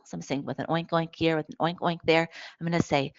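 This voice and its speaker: A woman with a low voice gives a lively, hands-on talk about play, showing toys as she goes and often checking in with "right?". The audio is dull and lo-fi, with a dry, close sound. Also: brisk, dry recording. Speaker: presenter on play for young children, parent. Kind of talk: webinar talk with toy demonstrations.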